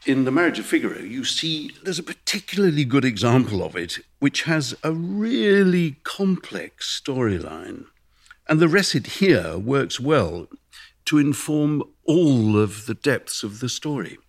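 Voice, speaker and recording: A man, a conductor and co-host, explaining opera in a measured, explanatory podcast chat. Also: mid-range voice, big pitch swings, creaky.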